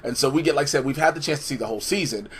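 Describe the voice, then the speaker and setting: A man co-hosting a casual episode review, talking in animated, jokey banter. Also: mid-range voice, rapid-fire, husky. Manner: animated, jokey, mimics characters. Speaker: co-host.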